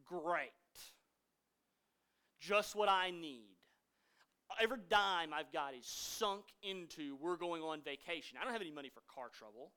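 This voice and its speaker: A man, a pastor preaching a sermon, swinging from loud emphasis to hushed asides. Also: a little high, lively intonation, a little slow, pauses often, clear, resonant tone.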